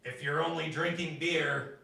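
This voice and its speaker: A man doing stand-up at an open mic, telling stories in an animated way and jumping into high voices for the people he quotes. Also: unhurried, gravelly. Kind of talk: stand-up storytelling. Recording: echoey room, from a distance.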